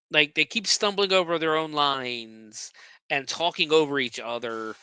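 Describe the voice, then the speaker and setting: A man's voice: a little high, sharp tone, clean tone, no room sound. A man hosting a podcast, recapping a movie scene by scene in a casual, profane, sarcastic way, often stumbling over his words.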